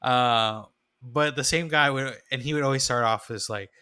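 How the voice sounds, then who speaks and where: A man co-hosting a podcast, telling stories in chatty, animated casual conversation. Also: medium pitch, normal speed, clear, resonant tone. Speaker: podcast co-host. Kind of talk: casual chat.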